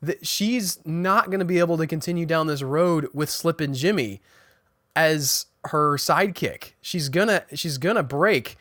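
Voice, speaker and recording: Man, podcast host, casual episode recap, chatty, restarts sentences, slightly high voice, dry close sound. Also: measured pace, a bit bright, dry recording. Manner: chatty, restarts sentences, paraphrases characters' dialogue.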